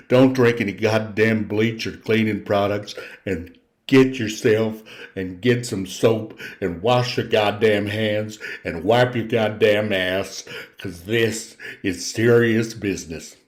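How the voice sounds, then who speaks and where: A comedian playing a furious style character, ranting and swearing with loud shouted bursts. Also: male voice, lowish voice, takes it slowly. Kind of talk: character stand-up rant.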